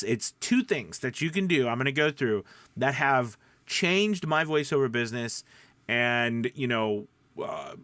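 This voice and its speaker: Man, voiceover coach, energetic, conversational, mid-pitched, dry recording. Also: no echo. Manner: energetic, chatty, many fillers. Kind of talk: upbeat teaching monologue.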